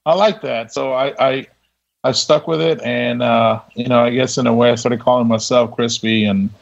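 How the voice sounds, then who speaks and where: A laid-back man tells a story on a podcast, his gravelly voice often breaking into laughter and restarting sentences. The sound is dull and lo-fi. He talks casually, with lots of fillers. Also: medium pitch, fairly even intonation, normal speed. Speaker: podcast guest.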